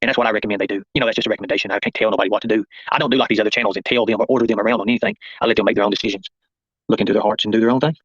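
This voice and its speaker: A man's voice: fairly low pitch, fairly even intonation, very fast, fairly bright tone, husky, no room sound, muffled recording. A man hosting a rambling livestream, confrontational and calling out viewers by name. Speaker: livestream host.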